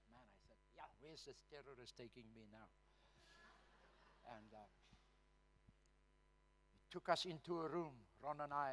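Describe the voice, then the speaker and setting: A man with a South African accent, a pastor telling a story from his own life at a church service, swinging between loud emphasis and hushed asides. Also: mid-range voice. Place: church hall. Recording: reverberant church hall.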